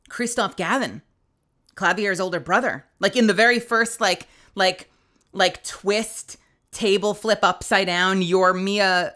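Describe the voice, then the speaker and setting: A young woman casually commenting on a video game as she plays it, excitable, gushing and chatty. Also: fairly low pitch. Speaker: streamer playing a game. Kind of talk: casual let's-play commentary. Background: game music.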